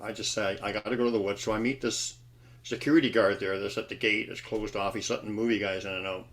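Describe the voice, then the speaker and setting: A man speaking as a panelist in a casual roundtable chat over a video call, halting and restarting his sentences. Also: fairly low pitch, fairly even intonation, a bit bright. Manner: halting, restarts and trailing phrases.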